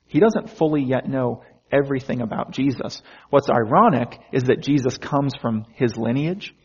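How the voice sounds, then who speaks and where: A male pastor delivers a sermon in a relaxed, talky manner, slipping into quick voiced asides for the figures in his story. His voice is somewhat husky, and the recording sounds dull and lo-fi. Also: medium pitch. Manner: conversational preaching, acts out biblical speakers in quoted asides.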